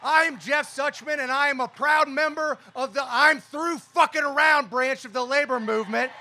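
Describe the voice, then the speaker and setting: A man's voice: very high-pitched, steady tone, moderate pace, pushed and bright. A man who leads a union local, giving an impassioned outdoor rally speech built around a repeated rallying refrain.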